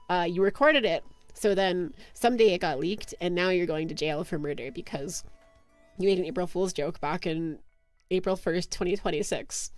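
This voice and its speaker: A woman's voice: on the low side, a little mellow, dry recording. A young woman streaming, chatting casually and giggling as she reads chat aloud.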